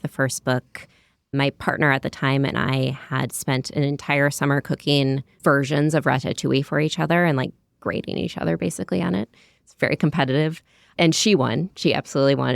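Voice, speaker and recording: A woman's voice: low-pitched, gravelly, smooth, no echo, studio quality. An American woman in her thirties, a cookbook author chatting in an interview, descriptive with many "like" and "you know" asides. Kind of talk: conversational interview.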